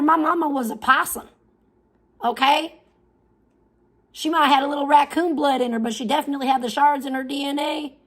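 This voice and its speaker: A crude, boastful backwoods hillbilly mother, as a woman puts her on in a mocking livestream impression. She brags in a loose, mocking drawl. The voice sits high with a gravelly fry running through it.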